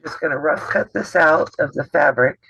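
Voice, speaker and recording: A man who hosts a sewing channel runs a casual demonstration over a video call, chatty and explanatory, often letting sentences trail off. His voice is on the high side, gravelly, bright and slightly rough, with a forceful tone at a moderate pace. The video call audio is dull and dry, with no echo.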